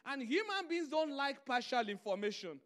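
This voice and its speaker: A man's voice: very high-pitched, sing-song, moderate pace, a bit bright. A man preaching a sermon, telling stories and driving his points home through emphatic repetition.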